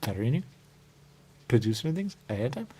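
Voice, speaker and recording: A man's voice: mid-range voice, very animated, fast talker, warm tone, slight background noise. A man hosting a talk show in a rambling, repetitive monologue, looping back on the same phrases and drifting into sing-song murmurs. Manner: rambling and repetitive, keeps saying "there you go". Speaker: radio show host.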